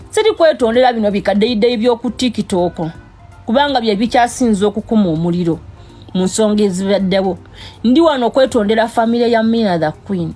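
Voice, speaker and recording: A woman speaking in a measured, earnest way to her followers. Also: on the high side, a little mellow. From Uganda. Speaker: TikTok creator. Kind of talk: apology talk to camera.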